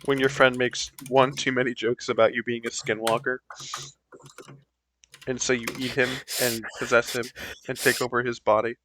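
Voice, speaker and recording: A man's voice: medium pitch, level tone, normal speed, a bit bright, slight background noise. Laughing man joking with friends. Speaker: player. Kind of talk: casual chat with friends while gaming.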